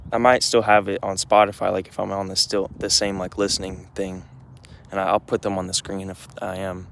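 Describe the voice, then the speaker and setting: Out with his dog, a young man vlogs in a low-leaning voice with a fairly bright tone. It's an easygoing, meandering walk-and-talk where he keeps restarting and filling pauses.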